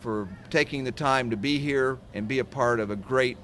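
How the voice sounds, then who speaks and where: Man, mid pitch, halting podium remarks as county commissioner, lots of fillers, faint room noise. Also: a bit bright. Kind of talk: formal public speech.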